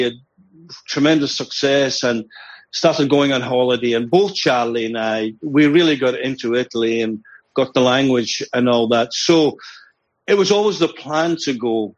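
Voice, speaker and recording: A man's voice: a little high, lo-fi sound. An older man with a Glaswegian accent, a musician guest telling rambling, self-deprecating stories with frequent chuckles. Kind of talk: casual interview talk.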